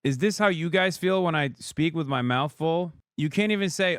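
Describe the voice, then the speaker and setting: A man hosting a live-stream reaction, talking sarcastically with quick mocking asides. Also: fairly high pitch, no room sound, clean studio sound. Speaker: streamer host.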